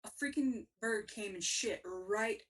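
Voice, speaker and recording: Female co-host, animated storyteller, mid pitch, slightly distant pickup. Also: takes it slowly. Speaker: podcast co-host. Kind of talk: casual storytelling.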